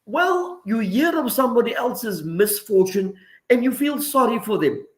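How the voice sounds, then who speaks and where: Earnest high-voiced man giving commentary. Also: lively intonation, normal speed. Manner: earnest, preacherly, gives examples, uses Arabic phrases. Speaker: regular guest commentator. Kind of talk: radio talk segment, reflective commentary.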